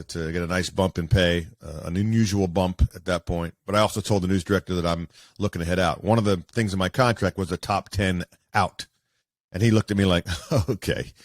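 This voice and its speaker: Low-voiced guy telling old sportscaster stories, lively, lots of um and you know, dry sound. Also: no room sound. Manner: animated, acts out quoted voices, many fillers. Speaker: guest, sportscaster. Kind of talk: casual storytelling interview.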